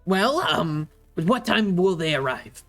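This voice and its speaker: A man's voice: high voice, big pitch swings, slow, fairly bright tone, faint music behind, exaggerated voice. A man voicing an older, polite male stranger who speaks hesitantly in a tabletop game.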